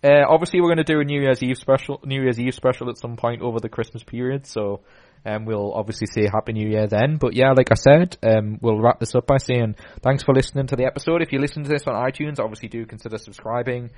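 A man hosting a podcast in a relaxed, rambling way. He circles back on himself, piles up fillers and restarts, and keeps the chat loose and conversational. His voice sits at a middling pitch for a man. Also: quick pace. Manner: rambling storytelling with many fillers. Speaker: podcast host.

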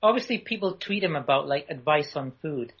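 A man's voice: a little high, lively intonation, fairly quick, fairly bright tone, breathy edge. A man chatting casually as a co-host, loose and filler-heavy. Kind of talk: casual chat. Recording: dull lo-fi recording.

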